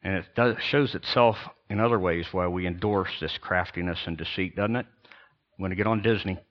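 An older man, a pastor, preaching a sermon in an emphatic, sarcastic way with pauses and restarts. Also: lowish voice, muffled recording.

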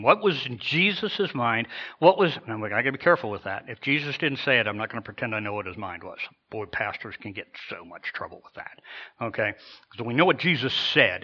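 A man's voice: medium pitch, highs cut off. A man preaching a sermon as a pastor, in a conversational style with asides and repeated words.

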